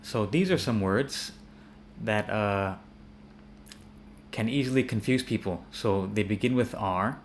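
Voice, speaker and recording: A man with an American accent giving a relaxed spoken English lesson, pausing with fillers and repeating words as he explains pronunciation. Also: fairly low pitch, a little hiss or hum. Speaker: English teacher.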